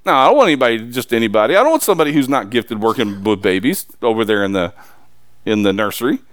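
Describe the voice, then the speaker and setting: A man preaching a sermon as pastor, swinging from loud, emphatic lines to low, confiding asides. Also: animated, fast, no room sound, clean studio sound.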